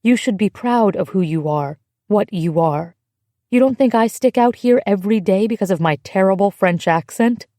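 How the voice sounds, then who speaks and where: A woman voicing a kind, steady American woman who comforts a frightened girl in a gentle but firm way. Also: medium pitch, moderate pace, dry recording, studio quality, close to an everyday voice. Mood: reassuring.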